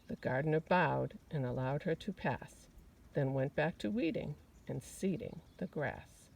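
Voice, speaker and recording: A woman reading a rhyming picture book aloud to children, with an expressive, sing-song cadence. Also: low-pitched, normal speed, vocal fry, rough recording.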